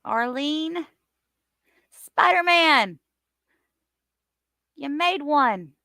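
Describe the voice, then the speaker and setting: A woman hosting a casual live stream, chatting and greeting her viewers by name in an animated way. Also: measured pace, creaky, no room sound, clean studio sound. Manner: animated, lively swings in pitch and loudness.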